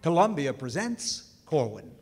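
A man's voice: a little high, sing-song, a little slow, long reverb tail, over loud music. A man announcing a radio play, reading the title and cast in a formal, declamatory broadcast manner.

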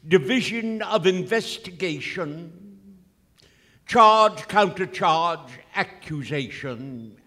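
An actor playing a pompous court crier in a radio play, proclaiming in a ceremonial way. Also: male voice, high voice, a bit bright, long reverb tail, full character voice. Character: pompous court crier, formal male official. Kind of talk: rhymed radio play acting.

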